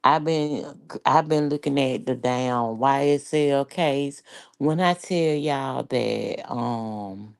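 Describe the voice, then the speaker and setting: Very deep gravelly woman vlogger, Atlanta. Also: takes it slowly, a little mellow. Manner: rambling, chatty, swearing freely. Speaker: YouTube vlogger. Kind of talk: casual chat to viewers.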